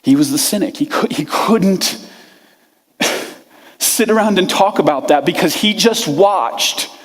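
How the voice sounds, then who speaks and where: A man giving a sermon as pastor, telling a story in an animated, conversational way. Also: high-pitched, unhurried, big-room sound. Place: church sanctuary.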